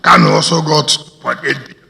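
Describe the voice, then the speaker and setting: A man's voice: on the high side, steady tone, a little fast, gravelly, pushed and bright. A man with a Nigerian accent, a state governor making a combative public address to stakeholders, firing off rhetorical questions. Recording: reverberant hall.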